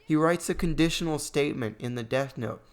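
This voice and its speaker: A young man giving a ranting movie review, exasperated and sarcastic, his voice going a bit hoarse. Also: a little high, brisk. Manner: exasperated, sarcastic, voice spikes when annoyed. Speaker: gaming channel host reviewing a movie.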